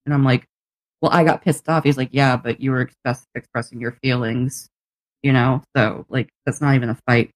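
Her voice is a rumbling low, her pace normal, and the recording has no room sound. As a podcast co-host she recounts a personal story in casual talk, animatedly acting out both sides of each exchange, laughing often and swearing casually.

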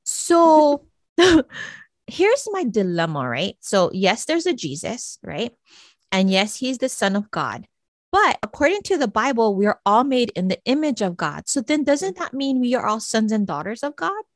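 A woman's voice: fairly high pitch, sing-song, a little slow, dry recording, studio quality. A middle-aged woman, a psychic medium guest, chatting casually and bluntly, swearing freely and acting out what she and others said. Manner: blunt, swears freely, acts out her own quotes. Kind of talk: casual interview chat.

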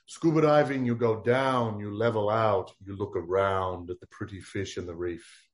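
A humorless, intense freediving instructor, as a man quotes him in a story. He speaks in a somewhat low voice with a solemn, deadpan weight. Every word sounds important to him. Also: normal speed, close to an everyday voice.

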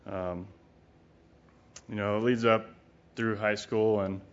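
On a dull lo-fi recording, a middle-aged recovery retreat speaker talks slowly in a fairly low, steady voice. He rambles candidly through his personal recovery story, bluntly and often profanely, with plenty of fillers.

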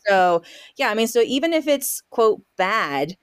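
A woman homesteader as a podcast guest, telling a story in a lively way and acting out her own quotes with fillers and laughs. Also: on the high side, a little slow, clear, resonant tone, no echo, clean studio sound. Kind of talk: casual storytelling interview.

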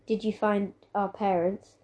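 A woman's voice: mid-range voice, level tone, unhurried, darkish tone, dull audio, close to an everyday voice. A woman reading the lines of a small, hopeful girl in a children's novel, asking earnest questions.

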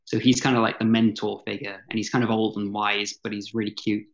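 A dungeon master talking as a guest on a casual podcast. The speech is hesitant, with repeated words and soft chuckles. The audio comes through dull and lo-fi. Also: medium pitch, flat delivery, fairly quick. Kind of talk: casual chat.

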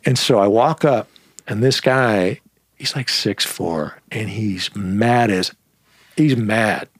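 Profane, animated male storyteller. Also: lowish voice, slow, no room sound, studio quality. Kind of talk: casual storytelling.

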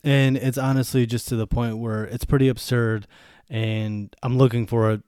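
A man's voice: medium pitch, steady tone, normal speed, a little mellow, clean tone, no echo, studio quality. A man in his thirties from the United States, hosting a podcast in a casual, profane rant. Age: 30s. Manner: profane, ranting. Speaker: podcast host. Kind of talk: casual monologue.

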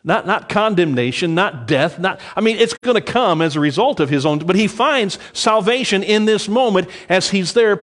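A middle-aged man preaching a sermon, lively in delivery, dropping low and soft when quoting scripture. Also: normal speed, few pauses. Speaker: pastor.

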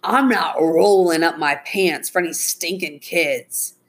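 A woman's voice: lowish voice, slow pace. A woman voicing a stubborn, defensive male suspect who scoffs at accusations in a read-aloud story. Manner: defensive, sarcastic.

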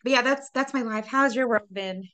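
A woman's voice: a little high, moderate pace, fairly bright tone. A woman hosting a casual podcast who talks frankly and bluntly and swears casually. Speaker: podcast host. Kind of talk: casual chat.

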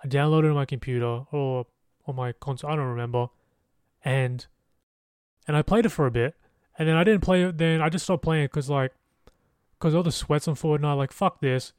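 Young man, podcast host, rambling and sweary, slightly high voice, dry close sound. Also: brisk, pauses often, a little mellow, smooth, no echo. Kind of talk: casual monologue.

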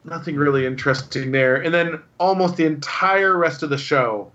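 A man's voice: fairly high pitch, normal speed, fairly bright tone, highs cut off. A man chatting casually as a podcast host, enthusiastic and rambling with lots of fillers. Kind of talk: casual chat.

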